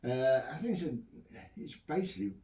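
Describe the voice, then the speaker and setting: A man's voice: medium pitch, fairly quick, distant mic. A man from England chatting casually as he reviews home-brewed beer in his home pub shed. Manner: relaxed, chatty, enthusiastic. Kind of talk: casual chat. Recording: echoey room, mic some way off.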